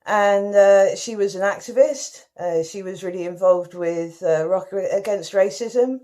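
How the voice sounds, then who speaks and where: A woman's voice: mid-range voice, a little slow, mellow. A woman from the West Country with a broad, exaggerated West Country accent, giving a chatty, self-mocking comic monologue as a contestant and calling her listeners darlings. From West Country, England.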